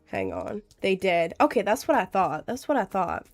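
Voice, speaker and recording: A woman's voice: mid-range voice, wildly swooping pitch, moderate pace, hardly any pauses, faint music behind. A young woman streaming live with a cold, chatting in a rambling, giggly way and reading out chat. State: has a cold.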